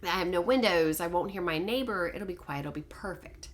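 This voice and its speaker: A middle-aged woman telling a personal story to camera in a casual, animated, self-deprecating way. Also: lowish voice, brisk, slight background noise. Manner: animated, self-deprecating, quotes others in dialogue. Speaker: vlogger telling a life story.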